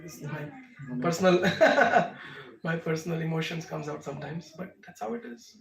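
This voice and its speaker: A man's voice: on the high side, expressive, a little fast, vocal fry, a little hiss or hum. A man with an Indian accent teaching a devotional class, answering questions emphatically with rhetorical questions. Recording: echoey room, mic far off.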